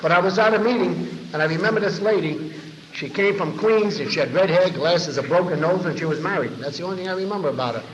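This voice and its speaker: In a large convention hall, a high-pitched New York man talks fast, sharing his story at a recovery meeting and acting out what others said. The dull 1990 recording has long echo and a little background noise.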